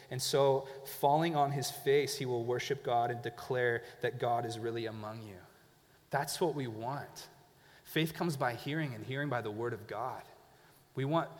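Man preaching in a reverberant hall. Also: mid-range voice. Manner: conversational, animated, acts out people he describes. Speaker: pastor. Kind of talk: sermon. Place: church.

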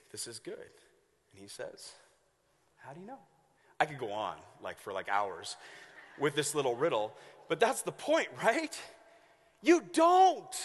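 A man preaching a sermon as pastor, telling stories in an animated way and acting out the voices of the people in them. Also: high-pitched, in a large hall. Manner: animated storytelling with acted-out voices.

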